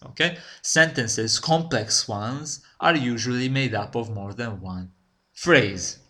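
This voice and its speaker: A man giving a recorded lecture, explaining step by step in a slow, deliberate way and checking in with "okay?". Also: mid-range voice, bright, forceful tone. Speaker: language teacher.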